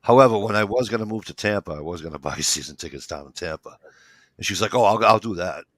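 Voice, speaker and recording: A show regular with a low voice talks fast in a dry recording, telling long stories in casual chat. He animatedly acts out each side of the conversation and swears freely.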